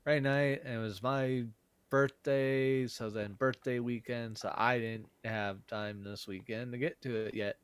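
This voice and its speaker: A man's voice: medium pitch, fairly even intonation, unhurried, clean tone, no room sound. A man co-hosting a casual wrestling podcast, laid-back and mostly giving short replies. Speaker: podcast co-host.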